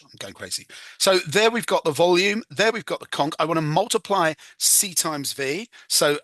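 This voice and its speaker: A chatty man walks through a chemistry exam question in a casual tutoring voice, teasing himself over slips and humming as he writes. His voice is bright and forward. It is recorded close and dry, with no room sound. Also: on the high side, no room sound. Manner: chatty, self-mocking, hums "da da" while working.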